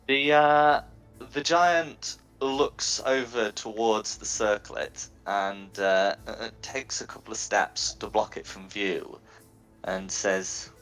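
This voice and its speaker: A man's voice: lowish voice, slow, a bit bright, faint music behind. A man narrating a tabletop game as game master, hesitant and full of fillers.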